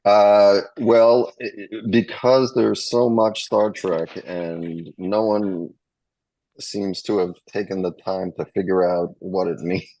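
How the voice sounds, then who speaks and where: A man's voice: low voice, fairly even intonation, slow, mellow, dry recording, poor audio. A man in casual group chat, eagerly explaining fan trivia with filler ums. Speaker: regular panelist.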